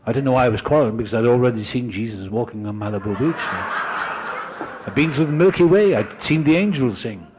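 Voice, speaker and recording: A man's voice: mid-range voice, fast talker, dull audio, background noise. Older man telling his recovery story. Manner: animated, acts out voices of people he met. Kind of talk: personal storytelling to an audience.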